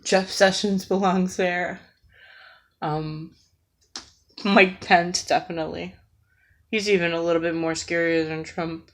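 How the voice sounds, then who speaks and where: A woman giving an earnest, halting political rant in a vlog, emotional and tearful. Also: on the low side, steady tone, fairly bright tone. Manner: earnest, pleading, slow and halting.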